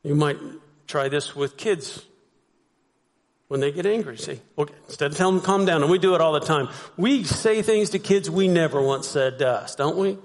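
A male pastor with a fairly high voice preaches a sermon at a moderate pace. He addresses the congregation conversationally, posing rhetorical questions, and the recording has a long hall reverb.

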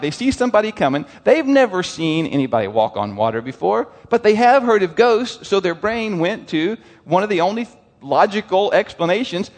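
A man delivers a sermon, animated and questioning his listeners. His voice sits a little high. The sound rings with a long hall reverb. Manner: animated, asks the crowd questions, lively quoted voices. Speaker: preacher.

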